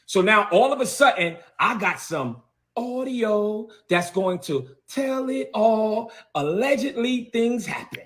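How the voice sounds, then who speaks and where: A man's voice: high voice, expressive, slow, fairly bright tone. A man, a bishop, delivering a heated, confrontational video rant and repeating words for emphasis.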